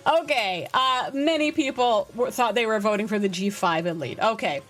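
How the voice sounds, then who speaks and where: Chatty woman game streamer, high voice. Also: normal speed, soft background music. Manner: chatty, reads and answers chat, excitable. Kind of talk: casual live-stream chat.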